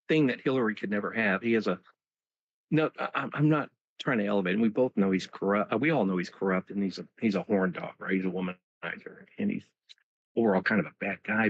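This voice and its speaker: A man's voice: on the low side, no echo. A man in a casual political chat, mocking and sarcastic. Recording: dull dry lo-fi line.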